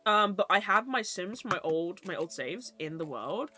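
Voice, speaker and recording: A woman's voice: medium pitch, animated, normal speed, pushed and bright. A young woman streamer who chats casually and rambles, with easy swearing. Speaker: VTuber streamer.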